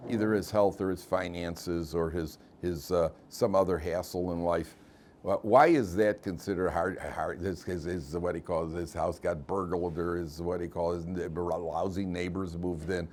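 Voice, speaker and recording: A middle-aged rabbi with a low voice teaches a class at normal speed, animatedly telling stories and jokes in a casual lecture while often repeating and restarting phrases. Slight background noise is audible.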